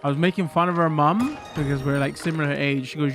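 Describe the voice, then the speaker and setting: A streamer talks to their live chat at a mid pitch, wandering off on tangents and tripping over their own corrections. Now and then they jump up into loud, excited outbursts. Game music plays clearly underneath from a home streaming setup. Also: quick pace, hardly any pauses. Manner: rambling, chatty, self-correcting, jumpy bursts of excitement. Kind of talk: casual live-stream chat while gaming.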